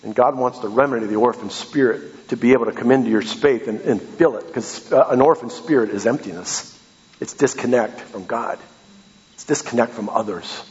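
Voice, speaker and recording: A man preaching a sermon to his congregation as their pastor, swinging from loud, high exhortation down to soft, low tones. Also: normal speed, long reverb tail, muffled recording. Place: church sanctuary.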